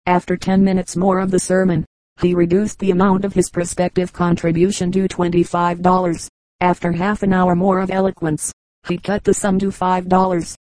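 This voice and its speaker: A woman reads short comic anecdotes in a low, mellow voice that stays quite flat in pitch. Her delivery is steady and even, and the recording is dry and close, with no room sound. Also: no echo, rough recording. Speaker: audiobook reader. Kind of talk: scripted narration of short jokes.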